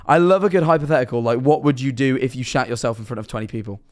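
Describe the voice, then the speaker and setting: A man's voice: mid-range voice, very fast, a little mellow. A young man chatting on a live stream, rambling through absurd hypotheticals and answering his chat. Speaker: livestreamer.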